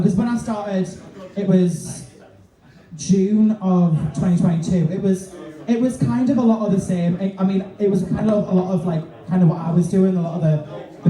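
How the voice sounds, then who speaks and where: A man's voice: sits high, warm tone. A man co-hosting a live podcast in a bar, rambling and full of fillers, swearing freely. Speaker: co-host, drag performer. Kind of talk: casual live podcast chat. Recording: echoey bar, distant mic.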